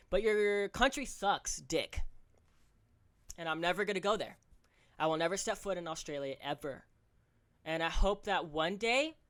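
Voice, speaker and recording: A young man hosting a solo podcast, ranting fast and profanely, tripping over his words with stammers and restarts. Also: fairly high pitch, fairly bright tone, smooth. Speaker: podcast host.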